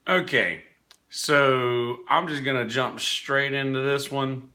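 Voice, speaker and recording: A man's voice: mid-range voice, slow, pushed and bright. A man hosting his own podcast, telling rambling stories in a candid, profane, casual way. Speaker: podcast host; working musician. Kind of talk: casual monologue.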